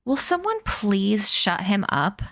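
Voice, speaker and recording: A woman's voice: medium pitch, sing-song, slow, fairly bright tone, dry recording, heavily acted. Woman voicing sour boy, sarcastic, curt, impatient, dry sound. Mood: irritable. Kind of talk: read-aloud storybook voice.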